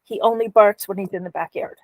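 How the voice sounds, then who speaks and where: A woman's voice: medium pitch, steady tone, brisk, darkish tone, dry recording, low-quality recording. A woman in casual chat, talking matter-of-factly.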